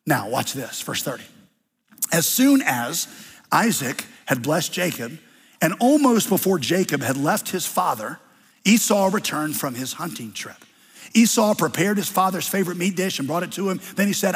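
Husky pastor in a reverberant hall. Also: male voice, a little high, very animated, normal speed. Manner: conversational, wry storytelling. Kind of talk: sermon.

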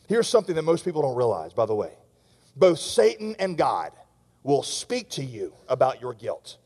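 A man's voice: medium pitch, wildly swooping pitch, moderate pace, a little mellow, slightly rough, long reverb tail. A man preaching a sermon, speaking earnestly and straight to his listeners with frequent rhetorical questions. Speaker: pastor.

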